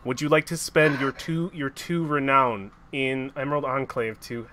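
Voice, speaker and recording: A man running a tabletop game as game master, narrating slowly and haltingly with frequent restarts. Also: medium pitch, fairly even intonation, pushed and bright, slight background noise.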